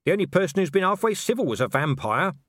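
A man's voice: high voice, sing-song, fast, a bit bright, voice pushed up, full character voice. A man doing a blunt, weary watch commander. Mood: grumbling, wry. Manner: blunt, dry, impatient.

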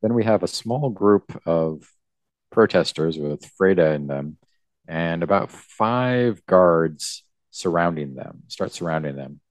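A man's voice: low-pitched, expressive, slow, no room sound. A man co-hosting a podcast, recapping a comic in a rambling, hesitant, casual way. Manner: rambling, hesitant, with fillers and restarts. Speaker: podcast co-host.

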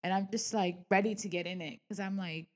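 In casual podcast chat, a young adult woman with a medium-pitched voice talks fairly quickly about her job in real estate. As co-host she's candid and lively, peppering her speech with swearing and fillers and performing other people's lines.

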